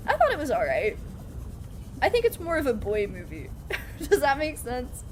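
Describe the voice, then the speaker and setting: A woman's voice: sits high, huge pitch swings, moderate pace, crowd noise. A woman streaming a video game live, chatting casually and playfully and laughing often. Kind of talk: casual live gameplay chat. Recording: game sounds audible behind voice.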